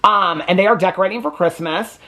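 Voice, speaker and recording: A man's voice: high voice, a little fast, bright, forceful tone. A man hosting a reality TV reaction channel, recapping episodes in a sassy, gossipy, chatty way and often asking viewers "okay?". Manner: addresses viewers with repeated "okay?". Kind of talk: casual reaction commentary. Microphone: camera on a tripod.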